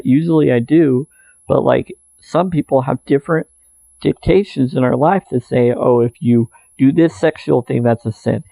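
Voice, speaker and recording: A man's voice: mid-range voice, gravelly, dark tone, no room sound, rough recording. A man giving an earnest, meandering spiritual monologue, repeating phrases as he goes. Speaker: spiritual video maker.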